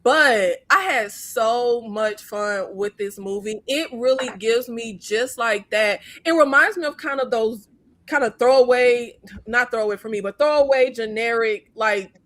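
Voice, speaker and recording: A woman hosting a casual movie review chat, blunt and profane, talking in an animated way. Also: a little high. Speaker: host.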